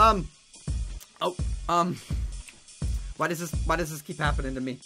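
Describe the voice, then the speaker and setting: A young man hosting a casual gaming livestream, excitable and chatty, yelping at mishaps and thanking donors aloud. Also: fairly high pitch, moderate pace, music in the background. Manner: excitable, loud yelps, reads donations aloud. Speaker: livestream host.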